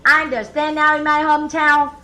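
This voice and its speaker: A woman's voice: high-pitched, little pitch movement, brisk, pushed and bright. A woman from Vietnam with a Vietnamese accent doing a stand-up set of one-liners, chuckling at her own jokes. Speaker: stand-up comedian. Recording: live comedy club crowd laughter.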